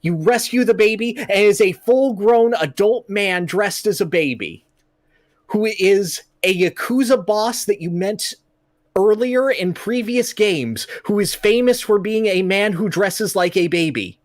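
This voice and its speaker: A man's voice: high voice, a little slow, no echo, clean studio sound. A man hosting a podcast and retelling a video game story with amusement. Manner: amused, laughs while recounting. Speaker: podcast host.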